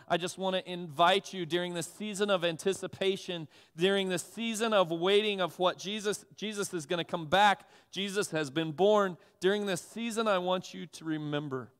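A pastor delivering a sermon in a conversational, animated, self-deprecating storytelling manner. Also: male voice, sits high, clear, resonant tone. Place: church sanctuary. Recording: long reverb of a church hall.

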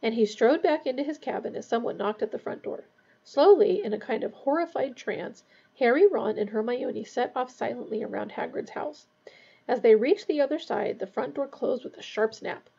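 Brief: woman reading a novel aloud, steady storytelling, dark mellow tone, dull lo-fi recording. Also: fairly high pitch, normal speed, vocal fry, husky. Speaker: reader.

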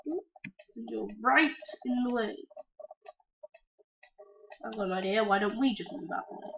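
A woman giving let's-play commentary on a home computer mic, chatty and breaking into sudden excited shouts. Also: on the high side, a little slow, gravelly, slight background noise. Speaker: gamer playing a video game. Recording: dull lo-fi mic.

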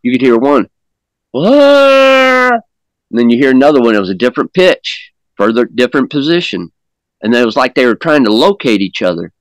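A man's voice: medium pitch, lively intonation, fairly quick, no room sound, rough recording. A man casually telling a story as an interview guest, plain-spoken and rambling, often repeating words as he goes. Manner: folksy, plain-spoken grammar. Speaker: guest recounting an encounter.

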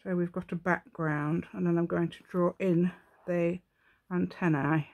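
A middle-aged craft channel host talks through a casual tutorial, chatting as she crafts, thinking aloud, self-mocking and humming to herself. Her fairly low voice holds a steady tone at a slightly slow pace. The recording sounds muffled.

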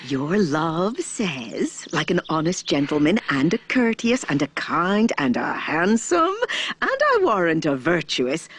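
A woman's voice: sits low, big pitch swings, unhurried, fairly bright tone, husky, heavily acted. A woman playing a fussy, complaining old nurse who teases and groans about her aches. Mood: teasing.

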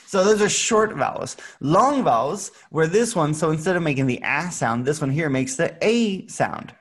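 A man gives an English lesson to young learners over a video call. He talks at a very unhurried pace, spelling out sounds with patience. Now and then he breaks into playful sound effects. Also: fairly high pitch, animated, husky. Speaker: English teacher. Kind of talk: online English lesson for children.

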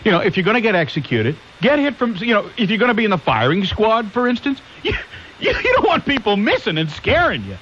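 Male talk radio host, fairly high voice, lively swings, rambling with rhetorical questions. Muffled, hissy broadcast sound. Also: fast. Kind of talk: conservative call-in talk radio.

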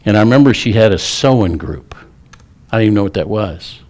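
A man's voice: fairly low pitch, animated, a little fast, a little mellow. A middle-aged man, a pastor preaching a sermon in a church, telling stories in a folksy, humorous way. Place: church sanctuary.

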